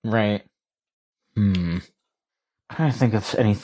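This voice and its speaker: A man's voice: lowish voice, steady tone, a little slow, darkish tone. Rambling laid-back male podcast co-host. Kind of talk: casual chat.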